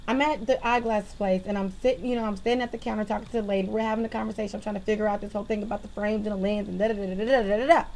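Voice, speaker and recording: A woman venting to her viewers in a casual monologue into a webcam, animated and exasperated. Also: on the high side, a little hiss or hum, rough recording. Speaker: vlogger.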